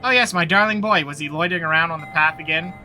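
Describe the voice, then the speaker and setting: A man's voice: fairly high pitch, fast talker, sharp tone, faint music behind. A man reading aloud the lines of a nervous, fussy woman village mayor from a video game, flustered and overly polite.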